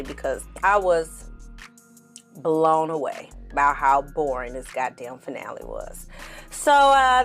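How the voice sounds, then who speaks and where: A woman's voice: lowish voice, a bit bright. A woman giving a casual reaction commentary on a TV show, blunt and sassy, swearing freely and talking straight to her viewers. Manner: talks straight to the audience. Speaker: TV reviewer.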